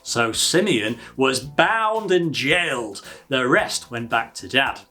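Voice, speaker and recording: An English woman chats her way through a children's bible lesson, animated and warm with the odd filler. Her mid-pitched voice moves freely up and down. Faint music sits underneath. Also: slow. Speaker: children's ministry presenter. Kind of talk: casual recap and rhyming story reading for kids.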